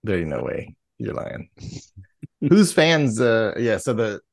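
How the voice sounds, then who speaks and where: Man, very low voice, dry close sound, relaxed slangy sports banter. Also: takes it slowly, vocal fry, no room sound. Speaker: podcast co-host. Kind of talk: casual sports chat.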